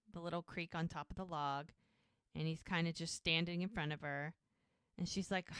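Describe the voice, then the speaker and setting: A woman's voice: fairly low pitch, a bit bright, clear, resonant tone, no room sound, studio quality. A woman co-hosting a podcast, recapping a TV episode in casual chat and acting out the characters' lines as she goes. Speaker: podcast co-host.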